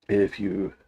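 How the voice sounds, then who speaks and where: On his motorcycle channel's casual livestream, a man reads viewer comments aloud and answers them, rambling, stopping to restart, and laughing often. His voice sits on the low side with a slightly rough texture, and the highs are cut off.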